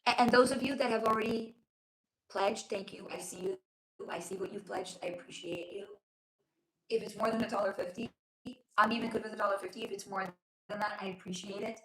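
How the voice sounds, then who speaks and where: A woman's voice: medium pitch, fairly even intonation, a little fast, a bit bright, reverberant, poor audio. A woman hosting a casual livestream at home, chatting affectionately with viewers and reading their comments while losing her voice. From lives in Los Angeles. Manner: chatty, affectionate, reads chat aloud. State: losing her voice, sore throat. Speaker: livestream host, spiritual reader. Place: home room.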